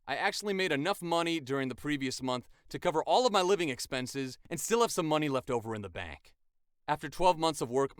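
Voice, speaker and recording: Young male voice actor, chatty vlog delivery, smooth and lively, close dry mic. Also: fairly high pitch, no room sound. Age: 20s. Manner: enthusiastic, chatty, with casual fillers. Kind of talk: casual vlog.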